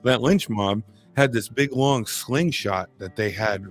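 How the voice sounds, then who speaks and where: A man's voice: medium pitch, measured pace, faint music behind. A man co-hosting a casual podcast, telling a funny story with frequent laughter. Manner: animated storyteller, laughs often. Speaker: podcast co-host.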